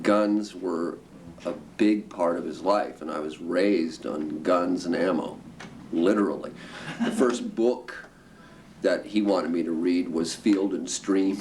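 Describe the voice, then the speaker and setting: An older man from the Northern California coast telling rambling, lively family stories with frequent chuckles at a museum talk. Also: low-pitched. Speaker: storyteller guest. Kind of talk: anecdotal storytelling. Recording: distant mic with background noise.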